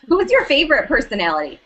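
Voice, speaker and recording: A woman hosting a web interview show, upbeat, with quick affirmations and easy laughter. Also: high voice, fairly bright tone, poor audio. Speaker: host.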